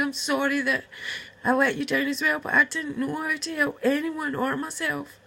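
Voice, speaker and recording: A high, gravelly, tense woman's voice, upset and close to tears. She rambles through a heartfelt personal message to camera, talking straight to her sister and swearing now and then. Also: level tone, moderate pace, sharp tone, low-quality recording. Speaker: vlogger addressing her estranged sister.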